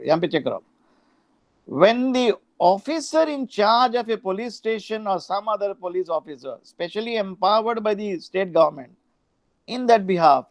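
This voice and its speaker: High-voiced Indian man lecturing law. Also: no echo. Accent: Indian English. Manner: reads statute aloud, mixing in Hindi asides. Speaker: law professor.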